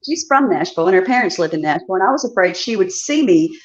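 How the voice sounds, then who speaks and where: A woman's voice: medium pitch, expressive, fast talker, highs cut off. A woman from Chicago calling in to a show, telling a story chattily with laughing asides. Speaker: caller. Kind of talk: casual storytelling on a call-in.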